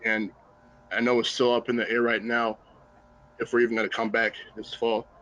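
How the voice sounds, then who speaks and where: A man's voice: mid-range voice, level tone, moderate pace, sharp tone, highs cut off. A young man hosting a student panel over a video call, introducing guests earnestly and politely. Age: young adult. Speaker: student host. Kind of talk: hosted panel talk.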